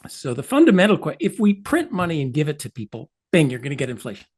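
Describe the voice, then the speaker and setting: An older man explains ideas as an interview guest. His pitch swoops widely as he stresses points. He drops in wry, offhand asides. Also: quick pace, slightly rough. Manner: animated, emphatic, wry asides. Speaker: economist guest.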